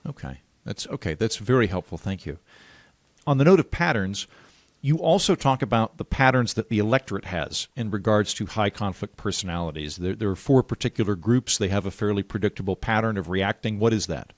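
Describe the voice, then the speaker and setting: A man hosting a podcast interview, chatting informally with quick asides and easy laughter. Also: fairly low pitch, animated, no room sound. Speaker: podcast host. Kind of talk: casual interview chat.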